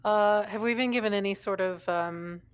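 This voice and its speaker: A woman's voice: mid-range voice, moderate pace, clear, resonant tone. A woman playing in an online roleplay, chatting eagerly and teasing the others. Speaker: roleplay player. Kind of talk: casual roleplay chat. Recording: noisy mic.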